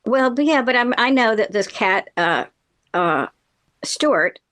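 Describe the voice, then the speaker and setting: A woman's voice: a little high, lively intonation, slow, fairly bright tone. A middle-aged woman in casual chat, telling a long personal story in a rambling way, with many fillers and frequent laughs.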